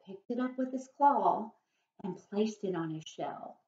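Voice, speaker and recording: A woman's voice: medium pitch, expressive, measured pace, dark tone. A woman teacher reading a picture book aloud expressively, now and then asking her listeners questions. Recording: echoey room, dull lo-fi.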